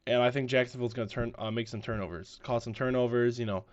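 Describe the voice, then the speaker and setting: A man's voice: mid-range voice, steady tone, quick pace. A man hosting a casual solo podcast, talking with a stuffy, congested nose in a rambling, self-deprecating way that often repeats itself. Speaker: podcast host. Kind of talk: casual solo sports-betting chat. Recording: slightly dull lo-fi audio.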